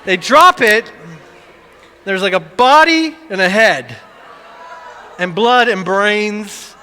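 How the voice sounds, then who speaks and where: A middle-aged man preaching a sermon, telling a family story with lively, animated delivery and acted-out screams. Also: high voice, slow pace, big-room sound. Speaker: pastor.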